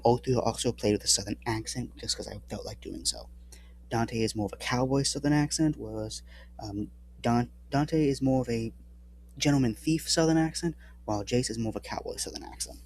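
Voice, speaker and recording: A man's voice: mid-range voice, a little mellow, a little hiss or hum. A man casually recapping his tabletop game campaign, rambling and often correcting himself mid-sentence. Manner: rambling with frequent restarts and self-corrections. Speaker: tabletop game player and channel host.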